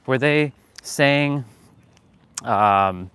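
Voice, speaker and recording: A man's voice: mid-range voice, very slow, fairly bright tone, clear, resonant tone, dry recording. A man with a Western Canadian accent hosting a casual live stream, chatty and loose, laughing often and swearing freely. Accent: Western Canadian English. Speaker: fitness live-stream host. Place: lives in Canada.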